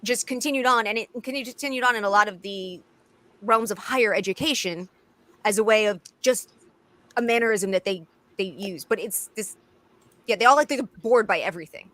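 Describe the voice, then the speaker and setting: A woman's voice: mid-range voice, normal speed, fairly bright tone. An American woman, a guest on a casual podcast, explaining things in a thoughtful way. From United States.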